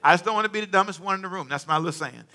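A man preaches to his congregation in a bright, forceful voice that sits a little high for a man. He leads them in call-and-response, pushing some lines out loud and dropping others low. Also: rapid-fire. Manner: call-and-response preaching, dramatic swings in volume. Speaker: pastor. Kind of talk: sermon. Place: church sanctuary with congregation.

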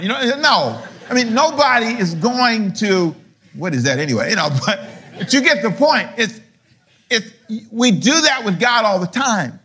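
Middle-aged male pastor, fairly high voice, lively sermon delivery with rhetorical questions. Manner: animated preaching, rhetorical questions; swings from low murmurs to loud high emphasis.

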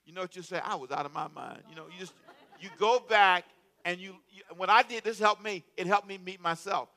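A man preaching a sermon as a pastor, animated and calling out to his congregation, often repeating words. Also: high voice, brisk.

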